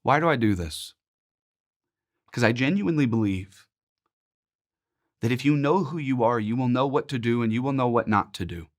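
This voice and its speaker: A man in his forties teaching a Bible study series, earnest and emphatic, with measured, rhythmic pauses. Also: medium pitch, lively intonation.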